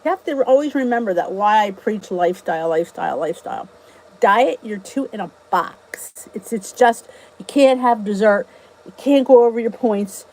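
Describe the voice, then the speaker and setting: A woman's voice: mid-range voice, expressive, moderate pace, darkish tone, poor audio. A middle-aged woman from New Jersey hosting a casual live chat. She is chatty and emphatic and repeats her key points. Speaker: vlog host answering live chat.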